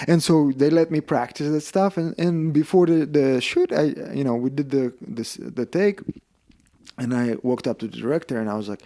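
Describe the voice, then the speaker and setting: A man's voice: mid-range voice, moderate pace. A man with a Russian accent, a podcast guest telling stories and acting out the dialogue in them. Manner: animated, acts out dialogue in quoted voices. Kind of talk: casual storytelling interview.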